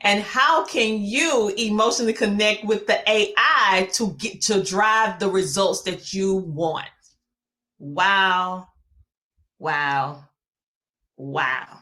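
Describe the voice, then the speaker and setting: A woman with a Southern US accent hosting an interview, talking in an excitable, animated way with lots of laughter. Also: medium pitch, unhurried, few pauses. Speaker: podcast host. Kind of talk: casual interview chat.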